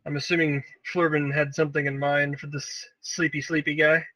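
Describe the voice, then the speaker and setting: A man playing in a tabletop game, talking in a slow, playful way. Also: on the high side, level tone, sharp tone, dry recording, low-quality recording. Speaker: player. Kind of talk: casual tabletop game talk.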